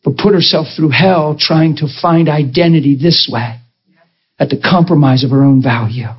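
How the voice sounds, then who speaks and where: A male preacher delivering a passionate sermon, telling stories and swinging between excited high exclaims and quiet, intimate tones. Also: normal speed, slightly rough. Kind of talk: passionate sermon to a live group. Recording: dull lo-fi live recording.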